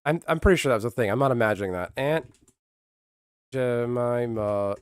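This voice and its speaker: A man talks casually on a livestream, ranting bluntly with frequent swearing and restarts. His voice sits at an ordinary middle pitch. The sound is dry and close to the mic. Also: moderate pace, clear, resonant tone, dry recording. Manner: blunt, profane, rambling with many restarts. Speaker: streamer.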